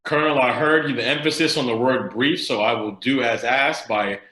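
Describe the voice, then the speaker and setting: Man with a bright, forceful voice; rousing address, echoey room audio over a video call. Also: mid-range voice, moderate pace. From the Bronx, New York. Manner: rousing, preacher-like speech. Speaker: state senator. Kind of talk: speech to a virtual event.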